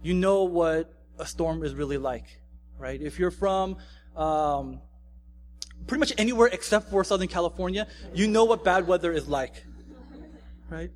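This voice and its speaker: This young adult pastor has a high-pitched voice and speaks at normal speed with slight background noise. His sermon is casual and conversational, and he keeps checking in with listeners through frequent "right?" tags.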